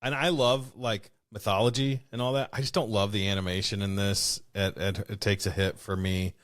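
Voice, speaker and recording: This podcast co-host has a lowish, slightly bright voice with a steady tone and a normal speaking speed. He keeps the casual chat easygoing and agreeable, captured in a dry, clean studio recording.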